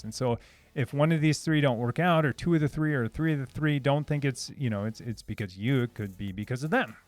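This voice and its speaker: A man's voice: mid-range voice, no echo. A man hosting a casual live stream, answering chat questions in a hesitant, restarting way. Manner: hesitant, many restarts, reads chat aloud.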